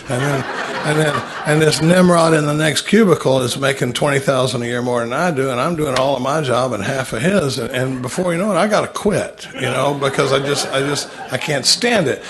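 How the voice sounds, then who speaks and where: A man gives a humorous talk at a recovery meeting. His manner is folksy and self-mocking, full of asides and stories about himself. His voice sits in a middle pitch range. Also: a little fast, crowd noise.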